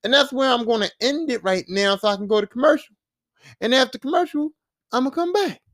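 High-voiced man recapping a TV episode. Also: a little fast, dry recording, clean studio sound. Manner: animated, profane storytelling. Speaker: podcast host.

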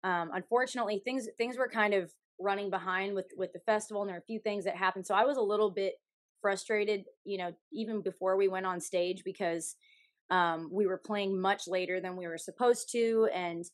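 A young woman, a singer from Canada, telling a story candidly as a podcast guest, with a frank, animated manner, swearing freely and laughing often. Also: medium pitch, a little fast, no room sound.

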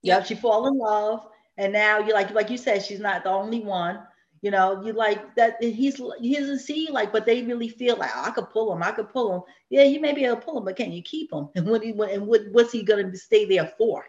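Brief: woman, mid pitch, reactive chatty co-host, slightly muffled recording. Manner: quick reactive agreement and laughter. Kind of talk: casual chat.

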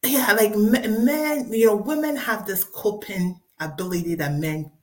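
A woman as a guest storyteller giving a personal faith testimony, animated and acting out dialogue with many fillers. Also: mid-range voice, a little slow.

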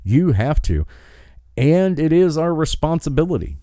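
A male podcast host rants with angry emphasis, his pitch swinging widely from line to line. The recording is dry and close, with no room sound. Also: big pitch swings, measured pace, mellow, dry recording. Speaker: commentary host. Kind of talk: opinion podcast monologue.

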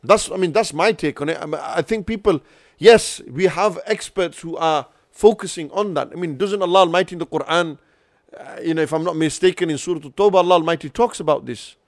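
A man's voice: on the high side, brisk, no echo, clean studio sound. A man hosting a religious podcast, talking earnestly and giving advice, with frequent restarts. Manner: earnest, advisory, many restarts. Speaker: podcast host. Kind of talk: casual podcast discussion.

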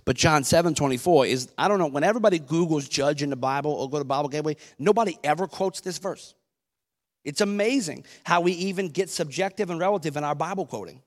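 A man in his thirties with a high voice preaches to his congregation in a conversational way. He quotes scripture and asks the people questions as he goes. His voice rings out through a long-echoing church hall. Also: fast talker. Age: 30s. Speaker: pastor. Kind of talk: sermon. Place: church sanctuary.

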